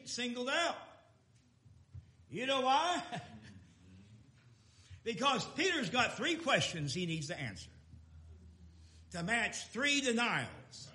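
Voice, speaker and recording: A man preaching a sermon in a folksy, emphatic way, swinging between loud declarations and quiet asides. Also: sits high. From Texas.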